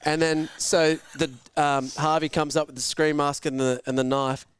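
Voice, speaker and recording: A young man hosting a live sports watch-along, telling a prank story with lots of swearing and shouted voices for the people in it. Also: fairly high pitch, normal speed, clear, resonant tone. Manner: animated, swearing, shouts out voices in his stories. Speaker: host.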